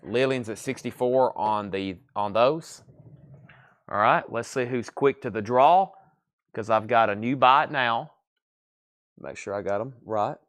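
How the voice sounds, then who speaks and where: A tired man with a drawl hosts a live sale, talking in a relaxed, folksy patter. He sounds sleepy but keeps the sales talk going, friendly and unhurried. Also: mid-range voice. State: sleepy, yawning. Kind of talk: live auction selling.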